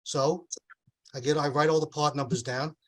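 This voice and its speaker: A middle-aged man delivering a stand-up comedy set, telling deadpan one-liners and acting out the voices of the people in his stories. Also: on the high side, normal speed. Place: comedy club stage with audience laughter.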